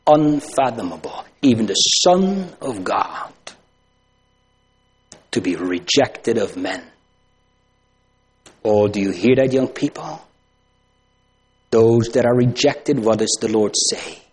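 Guy preaching slow and husky, big swings loud to quiet, lots of repeated questions. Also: on the low side, animated. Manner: emphatic, repetitive rhetorical questions with dramatic swings from loud to hushed. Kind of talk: sermon.

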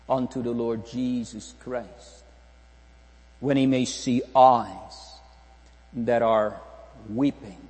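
A man's voice: mid-range voice, darkish tone. A man preaching a sermon to his congregation, earnest and pleading, asking searching rhetorical questions. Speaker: pastor. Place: church hall. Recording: long church reverb with mains hum.

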